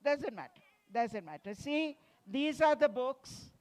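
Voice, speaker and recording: A woman author leading a playful, interactive session with children at a festival, coaxing them with slow prompts. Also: high-pitched, lively intonation, a little mellow. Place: festival venue.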